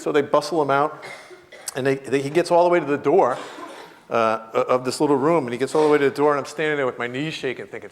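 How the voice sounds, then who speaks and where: A man's voice: fairly high pitch, fast, a little hiss or hum. A man in his fifties giving a university lecture as a comic storyteller, acting out the voices in his anecdotes and laughing often. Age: 50s. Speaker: guest lecturer.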